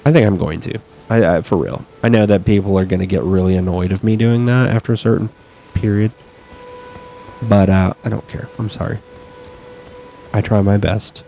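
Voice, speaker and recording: A man's voice: fairly low pitch, fairly even intonation, normal speed, creaky, mellow, a little hiss or hum. A man casually commentating his own game, chatty and swearing, talking back at enemies and sniffling near his desk mic. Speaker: gaming streamer.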